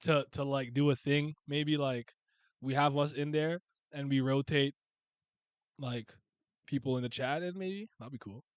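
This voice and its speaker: A man's voice: medium pitch, a little slow, clear, resonant tone, no echo. A man hosting a casual livestream chat, rambling with lots of restarts and laughter. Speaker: livestream host.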